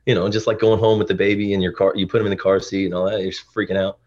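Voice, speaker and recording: Deep husky-voiced man, earnest and emotional. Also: level tone, very fast, a little mellow, dull audio. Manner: earnest, emotional, rambling with restarts. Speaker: podcast guest, dad influencer. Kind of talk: casual interview chat.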